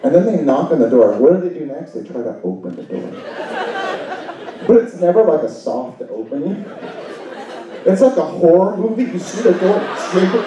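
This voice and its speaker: A man performing a stand-up comedy set on a club stage, animated and breaking into high panicked shrieks for his bits. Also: normal speed, crowd noise, background noise. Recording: roomy, distant, dull club recording. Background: audience laughter.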